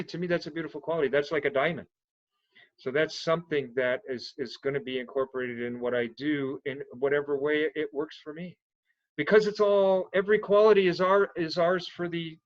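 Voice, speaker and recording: Brief: man with a slightly high voice, earnest and spiritual, rambling, dull lo-fi call sound. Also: no room sound. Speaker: participant in an online gathering. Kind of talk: casual reflective sharing.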